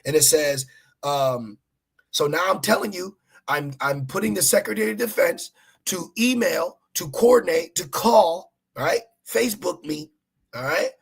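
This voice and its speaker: A man's voice: high voice, lively intonation, moderate pace, creaky, breathy edge. A man preaching on a livestream, reading scripture aloud and talking straight to his listeners in a fiery, preachy way. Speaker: street preacher.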